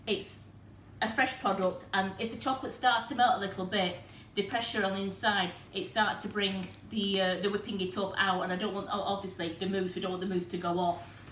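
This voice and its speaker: Woman, mid pitch, talks viewers through a live cooking demo in an echoey kitchen with faint background hum. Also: flat delivery, fairly quick, hardly any pauses, fairly bright tone. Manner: chatty, explains step by step to viewers. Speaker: cooking demonstrator and host.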